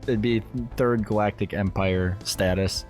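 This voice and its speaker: Brief: man, low-pitched quipper on a voice call, game music behind. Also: steady tone, unhurried. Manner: joking quips. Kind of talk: casual co-op gaming chat.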